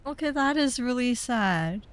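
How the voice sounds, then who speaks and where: A woman's voice: on the high side, animated, unhurried, a little hiss or hum. Chatty young woman streaming a game. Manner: chatty, indignant, rambling. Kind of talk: casual gaming commentary.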